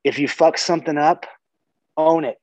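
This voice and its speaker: A man's voice: a little high, moderate pace, darkish tone, dry recording. A man in casual podcast conversation, talking earnestly, swearing casually and often restarting his sentences. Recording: dull lo-fi sound.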